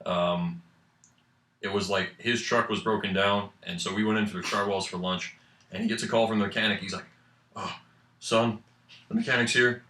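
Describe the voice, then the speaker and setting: A man's voice: lowish voice, a little fast. A young man from New Hampshire with a New England accent, a student guest rambling through stories in casual radio chat. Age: young adult. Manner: rambling, animated storyteller with filler likes. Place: college radio studio. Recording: roomy, distant mic.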